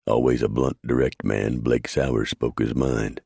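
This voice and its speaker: A man narrating a western novel in a steady, measured storytelling voice. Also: rumbling low, gravelly, breathy edge, no echo, clean studio sound. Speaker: audiobook narrator.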